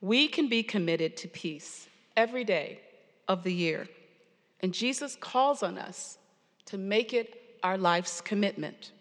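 A woman preacher giving a sermon, earnest and storytelling with pauses, in a church sanctuary. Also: medium pitch, a bit bright. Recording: long hall reverb.

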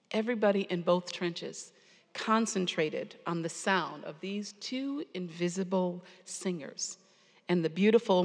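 A woman's voice: mid-range voice, fairly bright tone. Woman preaching in a reverberant church. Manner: earnest storytelling with pauses. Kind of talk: sermon. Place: church sanctuary. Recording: long hall reverb.

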